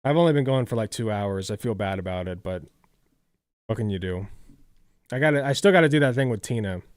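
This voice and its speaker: Tired dude streaming, rambly, says like a lot, dry close mic. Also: male voice, fairly low pitch, animated, a little fast, clear, resonant tone, no echo. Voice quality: rambling, lots of "like", swears freely. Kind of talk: casual live-stream chat.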